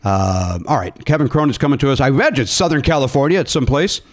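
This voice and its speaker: A man hosting a comedy podcast, telling a story in an animated, laughing way in casual interview chat. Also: mid-range voice, fast. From Illinois. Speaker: podcast host.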